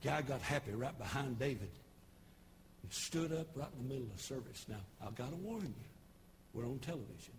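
A pastor in his sixties with a Tennessee Southern accent, preaching a folksy, humorous sermon with homespun storytelling and sudden shouted bursts. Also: medium pitch, lively intonation, brisk, a little hiss or hum. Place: church service broadcast on television.

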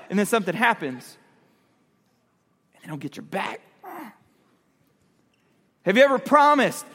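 Man preaching, high voice, conversational, asks the crowd questions, long hall reverb. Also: animated, normal speed, pauses often, fairly bright tone. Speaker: youth pastor. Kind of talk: youth sermon.

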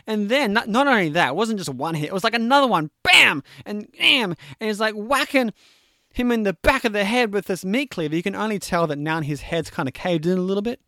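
A man with a high, light voice retells a film's plot in a loose, chatty way, joking along as he goes. The sound is close and dry, with no room around it. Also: quick pace, no echo. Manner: animated, chatty, jokey storytelling with fillers. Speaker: movie recapper. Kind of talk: casual movie recap.

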